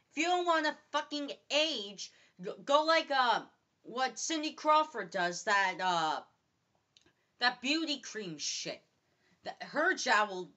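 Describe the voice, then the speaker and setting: A woman delivering a ranting monologue to camera in a high, bright voice. She talks at an unhurried pace, swears freely, and hammers each point by repeating it. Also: dull audio. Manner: blunt, profane, repeats points for emphasis. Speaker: vlogger.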